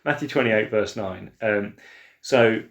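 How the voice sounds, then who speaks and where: A man co-hosting a church Bible podcast, chatting in an animated way and acting out quotes with laughter. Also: takes it slowly, gravelly. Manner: animated, acts out quotes with big pitch swings and laughs. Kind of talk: casual Bible discussion. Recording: echoey room.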